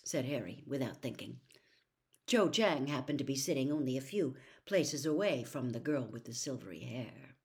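A woman narrating a children's novel aloud in a slow, expressive read-aloud style. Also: very deep voice. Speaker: storyteller. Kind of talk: audiobook narration.

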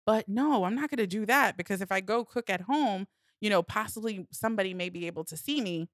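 A woman telling a personal story in a candid podcast conversation, animated and laughing often. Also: medium pitch, a little fast, no room sound, clean studio sound. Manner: animated, laughs often, acts out her inner voice. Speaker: guest sharing personal story. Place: studio, seated at a mic. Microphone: close studio mic.

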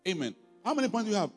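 Here a male pastor with a Ghanaian accent has a high, husky, somewhat mellow voice. He preaches forcefully in a church hall, leaning on call-and-response questions, while long reverb and faint background music color the recording.

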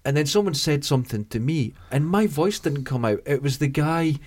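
A man's voice: a little high, moderate pace. Chatty Scottish man telling a story. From Scotland. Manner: chatty storyteller, animated asides. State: has a cough. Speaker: podcast co-host. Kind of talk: casual chat.

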